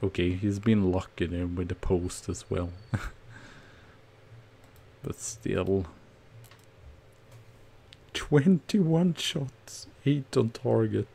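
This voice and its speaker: A man streaming a football management game, commenting casually on each play with nervous excitement and sudden shouts. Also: deep voice, slow pace, vocal fry, pauses often, breathy edge. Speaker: gaming streamer.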